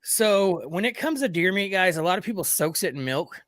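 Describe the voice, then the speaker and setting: Bright-voiced man rambling to his viewers. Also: sits high, expressive, moderate pace, dry recording, clean studio sound. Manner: rambling, keeps addressing viewers as guys. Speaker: livestream host. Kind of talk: casual group chat.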